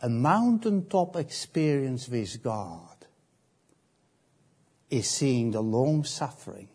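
A man preaching a sermon, slow and emphatic, often repeating phrases and pausing. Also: medium pitch, big pitch swings, mellow, husky.

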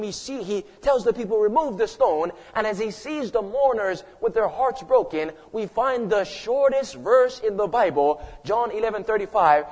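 A man with a high voice preaches with dramatic force, building to loud emphatic lines and dropping to hushed ones. His voice rings with the long reverb of a large hall. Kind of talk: sermon.

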